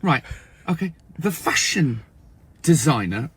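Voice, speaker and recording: A man's voice: a little high, animated, normal speed, a bit bright, husky. A man from England with an English accent, ranting in a comic, exasperated way, with lots of swearing and stammering restarts. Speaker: TikTok creator. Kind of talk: comic rant to camera.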